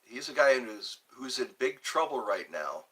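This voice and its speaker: A man hosting a casual livestream, reading viewer comments aloud and answering them in a slow, drawn-out, jokey way, often repeating his phrases. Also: mid-range voice, very animated, fairly bright tone, slightly rough. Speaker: livestream host.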